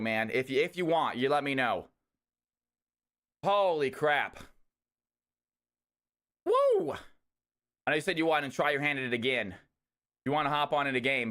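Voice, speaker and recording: Young male stream host, casual and excitable, crisp clear voice. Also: medium pitch. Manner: excitable, shouts and cheers on sudden hype. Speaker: streamer hosting a community game night. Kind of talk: casual live-stream chat.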